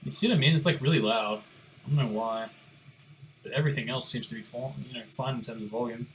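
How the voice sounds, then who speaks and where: A man's voice: mid-range voice, fast, a bit bright, a little hiss or hum. A young man giving casual gameplay commentary, rambling, muttering to himself and swearing now and then. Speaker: gaming streamer.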